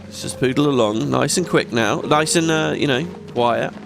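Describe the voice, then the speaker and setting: A man giving casual gameplay commentary as a let's play host, chatty and excitable, swearing often. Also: medium pitch, normal speed, gravelly. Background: game music.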